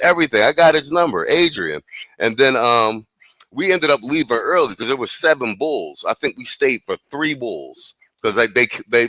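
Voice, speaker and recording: A man hosting a casual live-streamed podcast, telling a story in animated, slangy talk with frequent laughs and restarts. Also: a little high, no echo. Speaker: podcast host.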